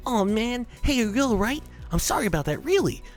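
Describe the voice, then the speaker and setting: A man voicing a short, energetic schoolgirl who sounds worried and apologetic, in a high put-on voice. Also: a little fast, soft background music.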